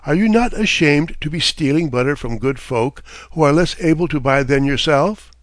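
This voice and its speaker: A man's voice: on the high side, lively intonation, moderate pace, no echo, close to an everyday voice. Brief: outspoken old storybook dame, read by a man, plain dry recording. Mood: bold. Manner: bold, outspoken. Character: bold, indignant old village dame.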